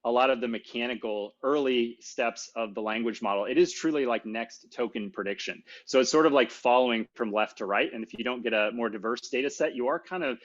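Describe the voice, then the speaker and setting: A man's voice: medium pitch, brisk, few pauses, lo-fi sound. Casual man giving a tech talk. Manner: casual, self-deprecating, many fillers. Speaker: conference speaker. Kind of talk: technical conference talk.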